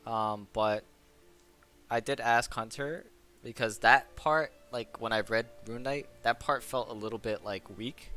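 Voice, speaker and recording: Player mid-pitch, halting and thinking aloud, faint music underneath. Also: male voice, sharp tone. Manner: hesitant, filler-heavy musing. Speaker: tabletop game player. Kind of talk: casual chat between players.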